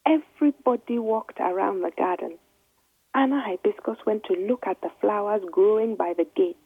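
A woman reading a children's story aloud in gentle, measured narration. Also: medium pitch, vocal fry, breathy edge, no echo. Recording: dry, tinny phone-like line.

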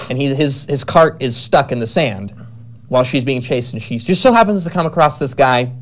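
A man's voice: medium pitch, expressive, normal speed. A man in casual conversation, describing the plot of his novel in a rambling way, with many fillers and self-corrections. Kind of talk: casual chat.

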